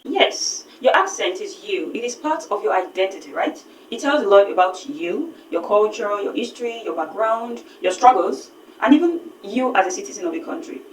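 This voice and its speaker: A woman's voice: mid-range voice, expressive, normal speed, reverberant, distant mic, slight background noise, low-quality recording. Earnest Nigerian woman teaching phonics. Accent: Nigerian English. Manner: earnest, emphatic, lecturing, with rhetorical questions. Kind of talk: spoken lesson.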